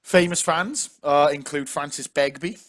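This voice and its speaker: A man's voice: a little high, a little slow. A man co-hosting a casual chat, joking around and reading club facts. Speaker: co-host.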